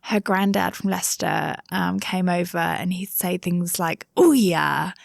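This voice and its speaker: Thirties woman, Somerset English accent, gravelly edge, relaxed chatty guest. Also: fairly low pitch, unhurried, no room sound, studio quality. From England. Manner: chatty, with many fillers and asides. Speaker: interview guest. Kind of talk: casual interview chat.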